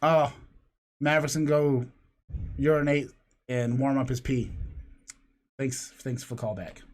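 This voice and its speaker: A man's voice: medium pitch, fairly even intonation, unhurried, a little mellow. A middle-aged man hosting a podcast from his home, telling long, profane, rambling stories in casual chat. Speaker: podcast host. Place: home room apart from co-host.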